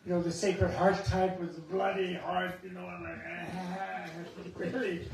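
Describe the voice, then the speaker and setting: A man giving a Buddhist talk, an animated storyteller with chuckling asides, recorded in a temple hall. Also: high-pitched, unhurried, vocal fry, a little hiss or hum. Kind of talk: dharma talk with anecdotes. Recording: echoey hall, mic at a distance.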